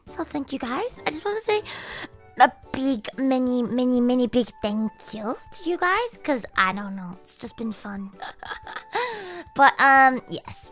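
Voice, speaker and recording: A woman streamer talks casually to her viewers in a hoarse, strained voice. She sits high in her range and swoops all over it, giggly and swearing freely, with faint music playing softly behind her. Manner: animated, giggly and foul-mouthed.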